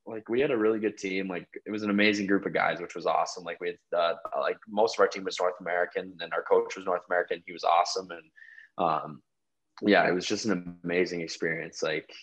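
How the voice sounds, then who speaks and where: A young man, a pro hockey player, chatting as a guest on a remote call, rambling with lots of "like" fillers. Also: sits low. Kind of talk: casual interview chat.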